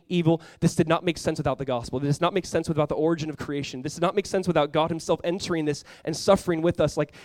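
A male pastor delivers a sermon in an earnest, chatty way, with a voice pitched a little high for a man. He talks quickly and often slips into acting out the reactions of his listeners. The sound is dry and close, with no room echo. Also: a little mellow.

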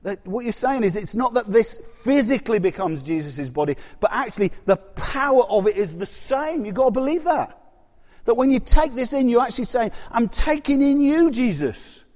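Preacher guy, high voice, lots of questions, loud then quiet, big echoey church hall. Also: brisk. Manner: animated, rises and drops sharply, rhetorical questions. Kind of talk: sermon. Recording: long hall reverb.

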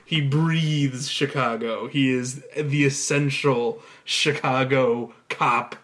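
Man, podcast co-host, casual chat, relaxed, filler words, medium pitch. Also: slow, background noise. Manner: relaxed, chatty, hesitant with fillers.

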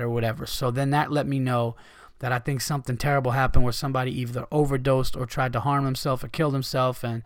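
A man with an everyday middle pitch, telling a story with lots of swearing. He acts out the people in it. The sound is dry and close, with no room echo. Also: little pitch movement, quick pace. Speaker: comedian and podcast host. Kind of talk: casual storytelling monologue.

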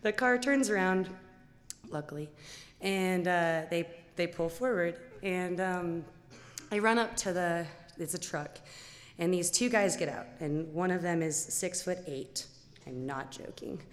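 A young woman telling a story live to an audience, animated, full of "like" and "um", and acting out the quotes. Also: fairly low pitch, unhurried, big-room sound. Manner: animated, lots of "like" and "um", acts out quotes. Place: stage before an audience.

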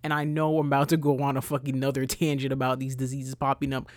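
A young woman from New ranting bluntly as a podcast host, swearing freely and her voice jumping loud and high when she gets riled. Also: little pitch movement, fast, no room sound, studio quality. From New York, USA. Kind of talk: casual ranting monologue.

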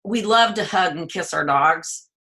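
A woman on a call line speaks as a guest expert in a conversational interview, explaining pet behavior and sometimes voicing a dog's thoughts. Her lowish voice is unhurried, pushed and bright.

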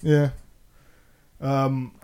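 A man's voice: mid-range voice, little pitch movement, very slow, a little mellow. A man hosting a casual podcast chat. He rants about what he dislikes, swears heavily and laughs between his complaints. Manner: ranting, heavy swearing. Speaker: podcast host.

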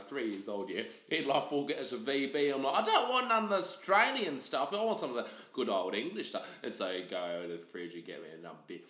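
A man's voice: fairly high pitch, fairly bright tone, pitched above the performer's own voice. A man voicing a boastful middle-aged Cockney mother who rambles and laughs through her bragging. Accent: put-on Cockney. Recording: roomy echo.

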